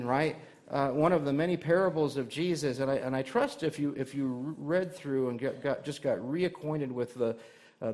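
A man's voice: a little high, darkish tone. A male pastor delivering a conversational sermon to his church, asking the congregation rhetorical questions and adding light humor.

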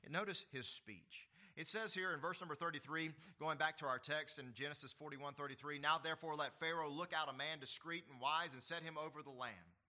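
Preacher guy, high bright voice, goes loud then real quiet, acts out quotes. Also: fairly quick, few pauses. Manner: preaching with dramatic swings between loud and soft. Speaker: pastor. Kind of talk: sermon.

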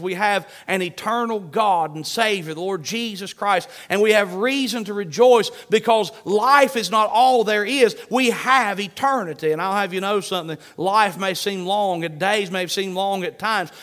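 A man with a high voice preaches a sermon, driving home each point through repetition. His delivery is emphatic and steady, with scripture read aloud between points. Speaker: pastor.

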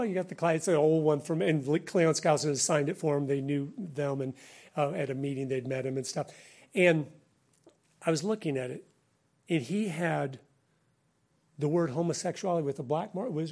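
Middle-aged American man, slightly high voice, animated preacher delivering a conversational sermon. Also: gravelly. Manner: animated, conversational, laughs between points. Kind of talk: sermon-style talk.

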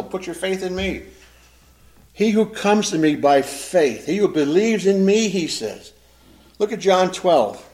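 A pastor delivers a sermon in a fairly high voice for a man. He reads scripture loudly and slowly, then sinks to a low, quiet voice for his own remarks. When he pleads, he repeats his words. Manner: swells loud and slows when reading scripture, drops low and quiet on asides.

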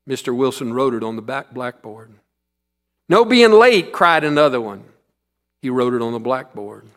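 Earnest preacher telling a story. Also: male voice, mid-range voice, steady tone, moderate pace. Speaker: pastor. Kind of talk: sermon storytelling.

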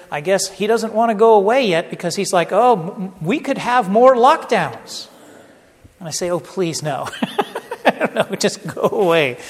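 Middle-aged male pastor, high voice, casual sermon delivery with jokey asides, long hall reverb. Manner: conversational preaching with asides and humor.

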